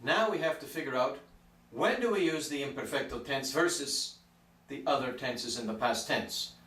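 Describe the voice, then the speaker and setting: A man's voice: mid-range voice, moderate pace, fairly bright tone. A man teaching a language grammar lesson, patiently drawing out the example words. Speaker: Spanish teacher. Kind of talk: explanatory lesson. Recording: echoey room from far off.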